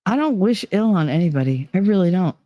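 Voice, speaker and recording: A woman's voice: on the low side, lively intonation, quick pace, no echo, dull audio. A woman hosting a podcast, telling a personal story in a frank, profane way and acting out the voices of the people she quotes. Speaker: podcast host.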